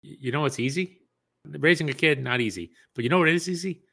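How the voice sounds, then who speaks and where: A man's voice: a little high, fast, vocal fry, bright, forceful tone, soft background music. A man in casual chat about a TV series, tossing in wry, joking asides.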